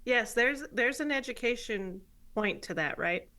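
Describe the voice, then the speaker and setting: Woman podcast host, chatty and jokey, voice a touch on the high side. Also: animated, measured pace, pushed and bright. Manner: chatty, laughs easily, jokey. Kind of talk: casual chat.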